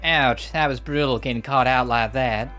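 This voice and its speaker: A man's voice: mid-range voice, moderate pace, sharp tone, soft background music, natural voice. A man voicing a cheeky young female trucker with a twang in her voice, reading game dialogue aloud. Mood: teasing. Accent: trucker twang attempted.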